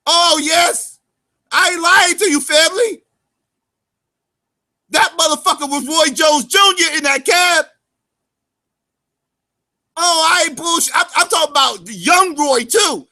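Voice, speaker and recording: High, sharp-voiced profane male commentator. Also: a little slow, long pauses. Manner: heavy cursing, addresses viewers as family; swings between loud outbursts and low mutters. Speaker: YouTube commentator.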